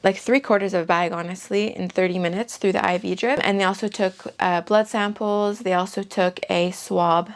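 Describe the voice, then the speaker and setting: A woman's voice: medium pitch, steady tone, normal speed, few pauses. A young woman vlogger telling a personal story in a casual, chatty way, peppered with "like".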